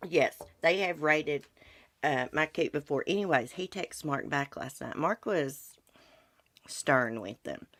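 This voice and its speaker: Low-voiced woman ranting, indignant. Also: expressive, slow, a bit bright, no room sound. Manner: heated, indignant, folksy rural talk with swearing. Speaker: livestream host. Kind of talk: casual ranting livestream chat, reading viewer comments.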